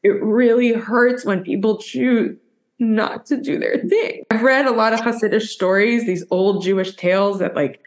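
A woman's voice: on the high side, normal speed. A woman from the United States hosting a podcast interview, emotional and effusive, speaking openly about faith. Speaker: podcast host.

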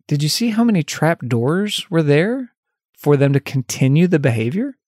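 A man's voice: on the high side, sing-song, normal speed, a little mellow, no echo, studio quality. A male life coach hosting a solo podcast, talking candidly and conversationally, laughing at himself and lifting his voice when he acts out example phrases.

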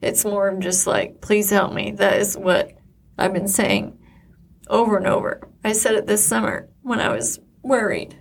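A woman's voice: medium pitch, big pitch swings, measured pace, gravelly. A middle-aged woman co-hosting a podcast, speaking bluntly and to the point with a wry edge. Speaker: podcast co-host. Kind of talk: casual chat.

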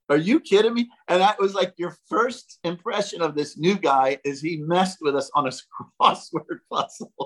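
An older man, a former ballplayer, telling animated stories as a podcast guest and acting out the quotes. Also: fairly high pitch, rough recording. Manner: animated, jokey storyteller who acts out quotes. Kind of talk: casual storytelling.

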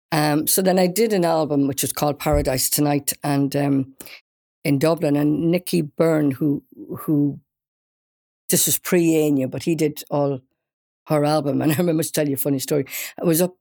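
An older woman from Wales, a guest singer, telling an anecdote in a casual interview, animated and often laughing. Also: low voice, normal speed. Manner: animated storyteller, laughs often, restarts mid-sentence.

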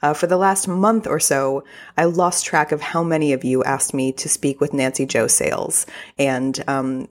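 A woman with a notably deep voice talks straight to her listeners as a podcast host. Her delivery is upbeat and gushing, and she drops in the odd filler word as she goes. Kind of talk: casual podcast monologue.

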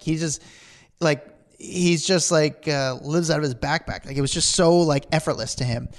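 A man talks quickly and a little high for a man, spinning a rambling celebrity story as a podcast co-host. He jumps into the voices of the people he met, keeping the chat loose and animated. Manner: rambling, animated, acts out quotes.

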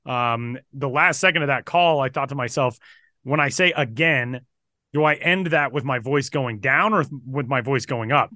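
A man, a baseball broadcaster, telling stories on a podcast in a casual, energetic way with some fillers. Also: medium pitch, normal speed, hardly any pauses, no echo, clean studio sound. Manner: energetic, animated retelling with fillers.

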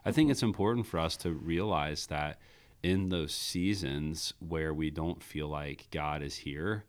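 Male podcast host, very deep voice, earnest and rambling. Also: fairly even intonation, slow pace, smooth. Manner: earnest, many fillers and restarts. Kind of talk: casual faith discussion chat.

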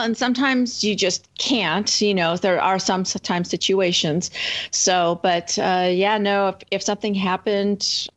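A woman author talking as a guest in an interview, chatting loosely with many fillers. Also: mid-range voice. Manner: rambling, lots of fillers and restarts. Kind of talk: casual interview chat.

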